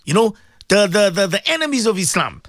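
A man preaching on the radio in a high, swooping voice, heated and insistent. He keeps firing off rhetorical questions and repeating himself for emphasis, close to a dry studio mic. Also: sing-song, brisk, a bit bright, no room sound. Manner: fervent, repetitive, rhetorical questions. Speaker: radio presenter giving religious advice. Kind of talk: impassioned radio sermon.

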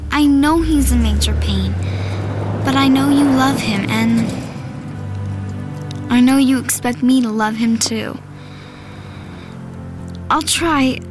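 Radio drama: a high-voiced, headstrong teen girl, music behind. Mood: pleading prayer. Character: stubborn earnest teenage girl, farm daughter.

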